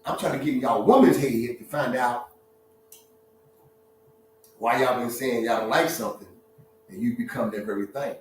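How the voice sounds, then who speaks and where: A man's voice: medium pitch, moderate pace, pauses often, a little hiss or hum. A man, hosting a casual live-stream monologue, joking and laughing often and acting out voices. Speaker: social media talk host. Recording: echoey room, far from mic.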